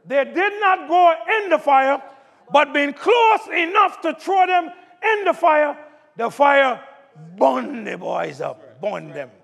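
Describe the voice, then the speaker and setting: A man preaching a sermon, calling out to the congregation and building up to shouts. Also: very high-pitched, big pitch swings, takes it slowly, vocal fry. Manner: call-and-response preaching, rising to shouts. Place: church sanctuary. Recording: long hall reverb.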